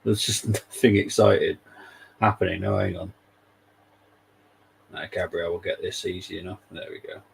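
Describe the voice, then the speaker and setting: Guy doing a live match watchalong, wry and jokey, crackly low voice. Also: steady tone, moderate pace, vocal fry, pauses often. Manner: casual, wry, laughs often. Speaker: fan channel host. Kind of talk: live football watchalong commentary.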